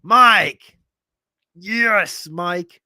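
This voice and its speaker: A man hosting a casual livestream Q&A, answering viewer questions in a quick, chatty way with sudden jumps in pitch. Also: pushed and bright, no echo, clean studio sound. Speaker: fantasy football show host.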